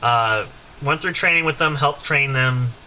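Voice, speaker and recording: A podcast host tells a long, rambling anecdote full of fillers and asides, his mid-range voice unhurried, bright and forceful. There's slight background noise, and the audio quality is poor.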